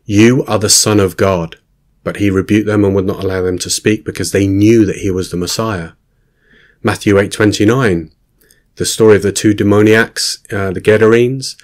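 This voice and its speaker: A man giving a reflective Bible teaching, earnest and thoughtful, often quoting scripture. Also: lowish voice. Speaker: Christian teacher.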